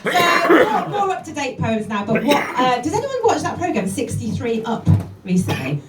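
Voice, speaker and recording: A woman's voice: high voice, sing-song, normal speed, very noisy. Bold, cheeky woman poet. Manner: cheeky, bawdy rhyming delivery with chatty asides. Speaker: comic performance poet. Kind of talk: live comic spoken-word poetry. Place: live venue with audience. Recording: echoey room from a distance.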